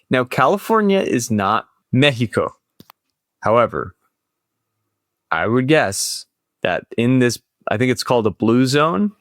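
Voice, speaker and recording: A man's voice: medium pitch, big pitch swings, measured pace, long pauses, no echo, clean studio sound. A young man co-hosting a casual podcast, joking with mock-expert bravado. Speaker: podcast co-host. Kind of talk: casual debate chat.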